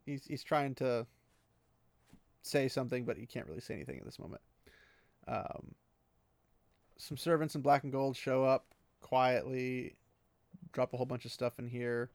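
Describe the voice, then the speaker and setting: A man's voice: mid-range voice, moderate pace, long pauses, darkish tone, no echo. A man casually recapping a fantasy book chapter, rambling with many fillers and small laughs.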